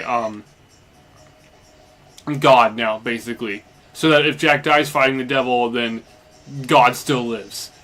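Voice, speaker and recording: A man's voice: mid-range voice, sharp tone. A young man casually recapping a story while playing a game, rambling along with lots of fillers. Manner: loose and meandering, heavy on fillers like "basically" and "like". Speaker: let's play commentator.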